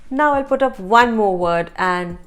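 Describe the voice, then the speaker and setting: Slow-talking woman teaching pronunciation. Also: medium pitch, animated, soft background music. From India. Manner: repeats words slowly, asks the viewer questions. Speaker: language teacher and channel host. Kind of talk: casual online lesson.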